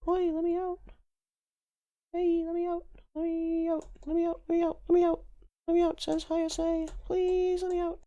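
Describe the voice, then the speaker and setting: A man voicing a young woman trapped behind glass, wailing in a high falsetto to be let out. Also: monotone, normal speed, dark tone, highs cut off. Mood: pleading.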